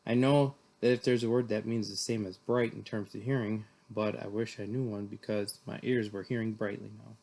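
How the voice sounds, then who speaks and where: A man's voice: lowish voice, steady tone, moderate pace, creaky, few pauses, darkish tone. A man reading a novel aloud in first person, plainly, with the odd slip and restart. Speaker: reader.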